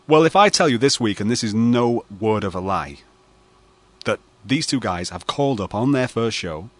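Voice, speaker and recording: A man's voice: on the low side, lively intonation, moderate pace, no room sound. Brief: man, radio host, rambling mock-serious delivery, dry close sound. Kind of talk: late-night radio banter.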